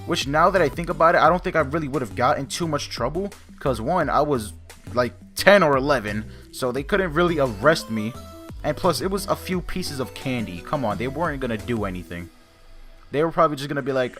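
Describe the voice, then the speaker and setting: Animated, foul-mouthed young man telling a story. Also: a little high, a little fast, faint music behind. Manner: animated, profane, self-mocking. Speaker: vlogger. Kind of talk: casual storytime.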